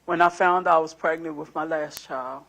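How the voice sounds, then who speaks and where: A woman in her sixties, a prospective juror, answering questions in a courtroom in an earnest, soft-spoken, apologetic way. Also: sits low, fairly even intonation, normal speed, creaky. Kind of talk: answering jury selection questions.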